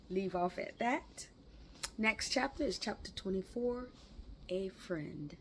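A woman reading a classic novel aloud, unhurried, with chatty exclaiming asides between chapters. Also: medium pitch, expressive, vocal fry, a little hiss or hum. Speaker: book reader.

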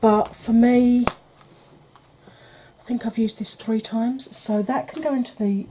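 Mellow, soft-spoken chatty woman. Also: on the high side, fairly even intonation, slow, slight background noise, low-quality recording. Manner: chatty, rambling, self-deprecating; soft, quiet delivery. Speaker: beauty channel host. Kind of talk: casual makeup declutter chat.

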